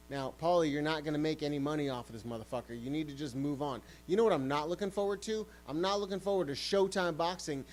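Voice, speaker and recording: A man's voice: on the high side, low-quality recording. A man hosting a sports podcast, ranting heatedly and swearing often. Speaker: podcast host.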